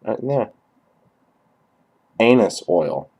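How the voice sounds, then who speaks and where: Slow, deadpan young man rambling crudely. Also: lowish voice, background noise. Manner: dry, halting, crude and profane. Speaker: comedy sketch performer. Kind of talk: deadpan rambling character monologue. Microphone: cheap webcam.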